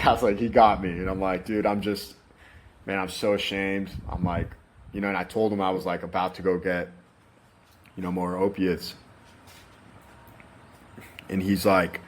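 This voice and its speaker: Candid young man with a lowish voice. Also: little pitch movement, measured pace, pauses often. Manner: candid, swears, frequent "like" and "you know". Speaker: interview guest. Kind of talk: casual storytelling.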